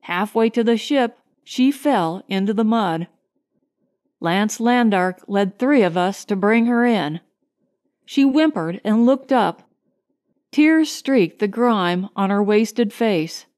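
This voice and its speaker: A woman reading a science fiction short story aloud in a measured, grave storytelling manner. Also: medium pitch, animated, a little mellow. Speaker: audiobook narrator. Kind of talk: scripted narration.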